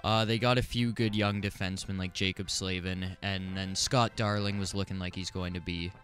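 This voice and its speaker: A man giving steady, informed hockey analysis on a casual sports talk show. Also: low-pitched, normal speed, soft background music. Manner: steady informed analysis, some stammered starts. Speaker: hockey panelist.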